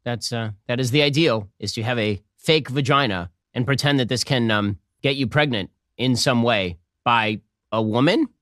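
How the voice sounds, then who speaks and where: A man's voice: mid-range voice, moderate pace, a bit bright, no room sound, clean studio sound. Dismissive male commentator. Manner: dismissive, lecturing. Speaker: political commentator. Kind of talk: critical commentary.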